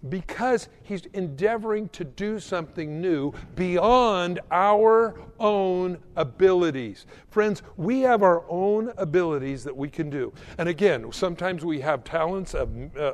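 In a sermon, a male pastor tells a story and builds toward emphatic points, stumbling and restarting on repeated words. His voice is high for a man, and each phrase trails off into a church hall's long reverb.

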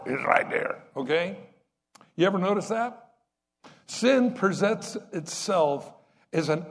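A pastor with a voice on the high side preaches a conversational sermon, putting rhetorical questions to the congregation. A long reverb tail trails his words.

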